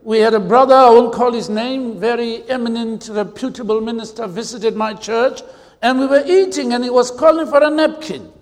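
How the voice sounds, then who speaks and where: A South African man preaching a sermon as pastor, telling humorous stories with drawn-out emphasis, in a church hall. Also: extremely high pitch, steady tone. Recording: long hall reverb.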